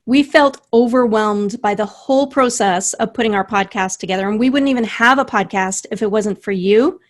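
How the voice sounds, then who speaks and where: A woman's voice: medium pitch, moderate pace. Enthusiastic woman hosting a podcast. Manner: enthusiastic and admiring, laughs often. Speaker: podcast host. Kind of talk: casual interview.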